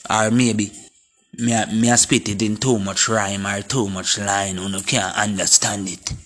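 Forceful Jamaican man preaching. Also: lowish voice, level tone, a little slow. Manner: preachy, repetitive, speaking in Jamaican patois; forceful and confrontational. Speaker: vlogger. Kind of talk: impassioned monologue to camera.

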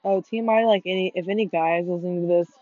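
A woman's voice: fairly low pitch, fairly even intonation, very fast, warm tone, dry recording, soft background music. Foul-mouthed, apologetic woman, lo-fi recording. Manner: swears freely and keeps apologizing. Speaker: podcast co-host. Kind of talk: casual chat while playing a video game. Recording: dull, lo-fi and dry.

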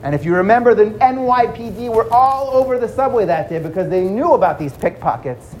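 A man telling a dramatic story to children, swinging between loud and hushed. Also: high-pitched, lively intonation, fairly quick, a little hiss or hum.

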